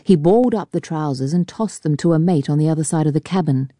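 Woman narrator, low voice, mellow tone, measured reading, dry close sound. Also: no echo. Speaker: audiobook narrator. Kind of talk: scripted narration.

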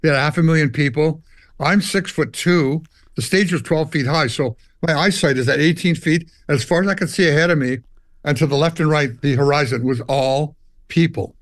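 Older Canadian musician, guest storyteller, slightly high voice, dry close sound. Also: male voice, moderate pace, dry recording. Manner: animated storyteller, acts out dialogue and hums riffs. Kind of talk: storytelling interview.

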